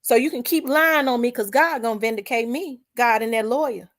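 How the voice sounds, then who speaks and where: A woman's voice: on the high side, fairly quick. Woman, channel host, preaching-style monologue, emphatic, repetitive, colloquial.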